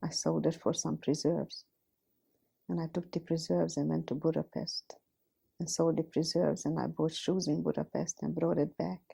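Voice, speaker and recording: Recounting her life as a Holocaust survivor, this woman from Hungary, in her fifties, speaks plainly and directly, with frequent "I says." Her voice sits low and level at a normal speed, gravelly and warm with a breathy edge.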